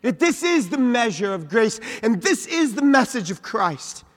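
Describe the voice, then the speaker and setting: A man preaching from a church pulpit with a very high voice, dropping to soft asides and rising to loud peaks. His sermon echoes with the long reverb of a big sanctuary. He reads scripture in old-fashioned wording. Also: big pitch swings, measured pace. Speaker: senior pastor.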